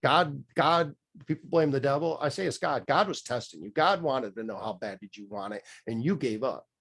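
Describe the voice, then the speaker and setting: A man's voice: mid-range voice, normal speed, gravelly, fairly bright tone, slightly rough. A middle-aged man telling his story as a podcast guest, candid and rambling, with many fillers and restarts. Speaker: podcast guest, mindset coach. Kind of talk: casual storytelling interview.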